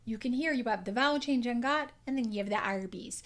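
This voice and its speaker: Clear, instructive female accent coach. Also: on the high side, fast, fairly bright tone. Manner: clear, instructive, demonstrating sounds. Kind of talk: explanatory lesson.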